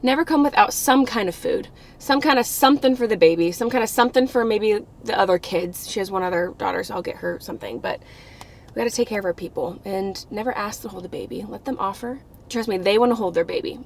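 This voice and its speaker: A woman's voice: mid-range voice, animated, fast, creaky. A young woman vlogging with casual, upbeat chatter, full of "like" and "you know.". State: out of breath. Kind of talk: casual vlog chat.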